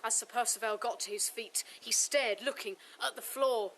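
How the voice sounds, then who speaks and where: A woman narrating a folk tale in a lively, expressive way. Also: a little high, moderate pace, a little hiss or hum, poor audio. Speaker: storyteller. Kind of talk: live storytelling narration.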